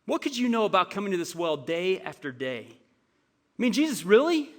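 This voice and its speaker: A man's voice: high-pitched, big pitch swings, normal speed. A man voicing a skeptical woman at a well, answering with mocking, exaggerated sarcasm. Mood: sarcastic.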